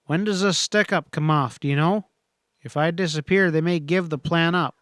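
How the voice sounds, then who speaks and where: A determined young cowboy hero, read by a man in a western audiobook, talking firmly and urgently. The voice sits a little high. It is dry and close-miked, with no room sound. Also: normal speed, a bit bright, no echo, close to an everyday voice. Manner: urgent, firm. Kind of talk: audiobook character voice.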